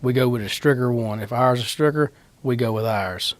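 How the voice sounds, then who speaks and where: A man's voice: medium pitch, normal speed, no echo. Guy talking about his crew work, plain and practical, dry close sound. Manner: plain-spoken, practical, matter-of-fact. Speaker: city utility line crew worker. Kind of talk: casual interview answers.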